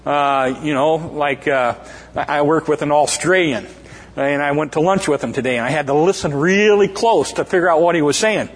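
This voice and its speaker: A man with a slightly raised, husky voice preaches in a hall with long reverb. He retells scripture in a loose, conversational way, stumbling over restarts and fillers and acting out the quoted voices as he goes. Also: on the high side, normal speed. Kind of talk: informal sermon retelling scripture.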